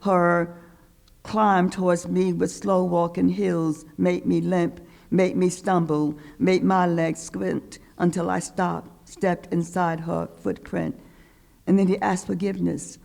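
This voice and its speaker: An older woman reading her poems aloud in a lecture hall, slow and deliberate with a rhythmic pull. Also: on the low side, level tone, creaky, a little mellow. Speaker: poet reading her work. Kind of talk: poetry reading.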